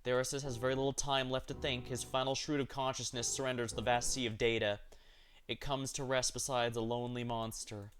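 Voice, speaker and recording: A man streaming as he narrates a game story aloud, reading steadily with occasional slips and corrections. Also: mid-range voice.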